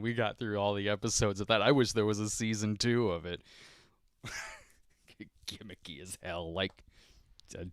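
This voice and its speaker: A man's voice: mid-range voice, clear, resonant tone, dry recording, studio quality. A man hosting his own podcast, rambling casually and laughing often as he talks. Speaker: podcast host. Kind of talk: casual solo podcast chat.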